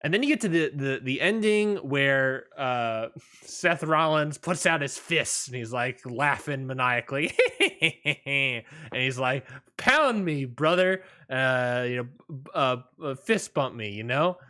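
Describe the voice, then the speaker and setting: Male podcast co-host, bright forward tone, loose rambling recap style. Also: mid-range voice. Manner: rambling, lots of fillers and restarts, quick laughs. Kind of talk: casual wrestling podcast chat.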